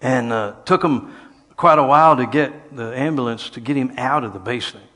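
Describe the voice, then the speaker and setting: An older man preaching a sermon, telling stories and swinging between quiet passages and loud, shouted lines. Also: mid-range voice, moderate pace. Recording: long hall reverb.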